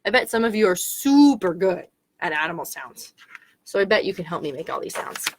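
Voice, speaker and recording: Children's librarian, woman, playful read-aloud with animal noises, bright swooping delivery. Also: fairly low pitch, big pitch swings, brisk, slight background noise. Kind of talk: reading picture books aloud to children.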